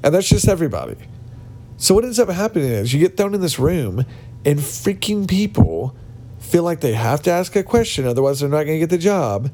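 Here the podcast host sounds fairly high-pitched, mellow and very animated, talking a little fast. Ranting bluntly and mocking people in a casual monologue, he records from a cabin full of other people, using something other than his usual podcast microphone.

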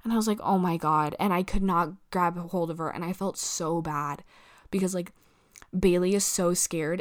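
A young woman telling a long story in casual chat, rambling, saying "like" constantly, swearing and acting out what other people said. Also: on the low side. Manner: rambling, peppered with "like" and swearing, acts out quoted people. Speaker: vlogger.

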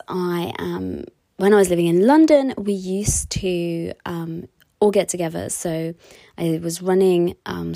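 A woman fertility therapist and coach talking in a casual podcast monologue. She is chatty and expressive and acts out her clients' voices, then softens to a near-whisper at tender points. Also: lowish voice, creaky, dry recording, poor audio.

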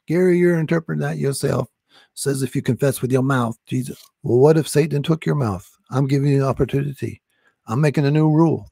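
Gravelly male preacher, dark and close to the mic, urgent insistent delivery. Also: medium pitch, dry recording. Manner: urgent, insistent, repetitive exhortation. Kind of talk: preaching a salvation prayer.

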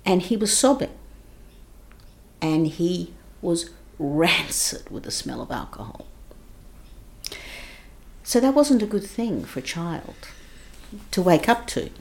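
Woman, slightly low voice, emotional first-person storytelling, hushed to intense. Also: big pitch swings, slow, creaky, pauses often. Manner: vivid, emotional retelling with shifts between hushed and raised intensity. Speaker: guest recounting her childhood.

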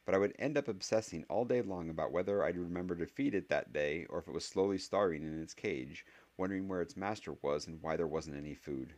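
A man's voice: low-pitched, brisk, darkish tone. A man voicing a clever, blunt eleven-year-old boy who talks in an earnest, argumentative way.

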